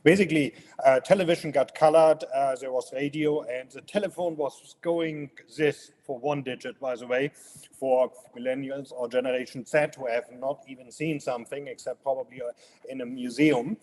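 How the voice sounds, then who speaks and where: A man's voice: medium pitch, fairly even intonation, moderate pace, a little mellow. A man in his fifties with a strong German accent, speaking as an interview guest, friendly and hesitant with many fillers. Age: 50s. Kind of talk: casual interview.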